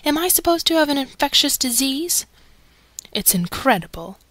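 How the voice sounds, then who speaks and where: A woman's voice: high voice, big pitch swings, normal speed, fairly bright tone, dry recording, pitched above the performer's own voice. A woman reading aloud and voicing an agitated male theatre secretary who exclaims with emphasis, in a storybook. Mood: indignant.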